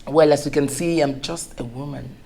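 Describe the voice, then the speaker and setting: Dignified Nigerian mother, very low voice, faint hiss behind. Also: gravelly, mellow, poor audio. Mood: composed. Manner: measured, stern when challenged. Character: wary, dignified middle-aged mother.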